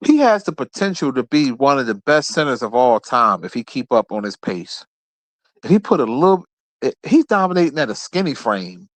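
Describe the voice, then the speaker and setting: A man's voice: medium pitch, big pitch swings, moderate pace, no echo. A man hosting his own show, ranting about basketball in a blunt, profane, trash-talking way. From Philadelphia area. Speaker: host. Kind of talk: casual sports rant.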